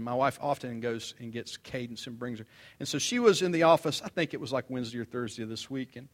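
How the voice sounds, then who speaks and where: An older man, a pastor, preaching a sermon in a conversational, animated way, mixing humorous stories with scripture and swinging between loud emphasis and quiet asides. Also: mid-range voice.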